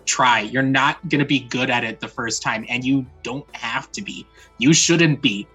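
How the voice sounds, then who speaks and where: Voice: mid-range voice, a little slow, fairly bright tone, lo-fi sound, faint music behind. A player earnestly giving advice on role-playing in a casual chat. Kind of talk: casual chat about tabletop gaming.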